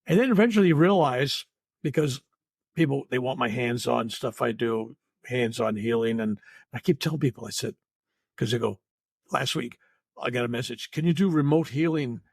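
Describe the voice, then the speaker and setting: Older male reverend, podcast guest. Husky, dry close sound, earnest, meandering delivery. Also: mid-range voice, moderate pace, dry recording. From United States. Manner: earnest, rambling, repeats words and says "you know" often. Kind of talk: spiritual podcast interview.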